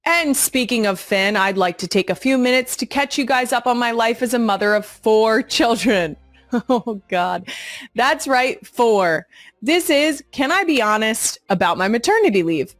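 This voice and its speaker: A woman's voice: fairly high pitch, animated, moderate pace, a bit bright, dry recording, soft background music. Blunt, sassy woman podcast host. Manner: blunt, sassy, swears freely. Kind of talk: casual monologue.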